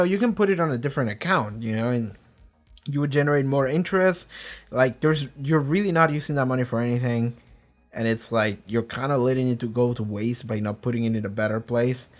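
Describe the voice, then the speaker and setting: A young man, not a native English speaker, talks through a TV episode in a loose, animated reaction style, swearing freely and acting out characters' lines. His pitch sits in a middle range. Faint music plays underneath. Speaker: reaction video host. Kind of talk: casual reaction and review.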